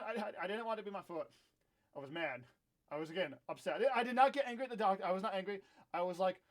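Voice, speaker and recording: Young man, high voice, casual storytime vlog, candid and ranting, self-deprecating, talking into own camera. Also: quick pace. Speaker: vlogger.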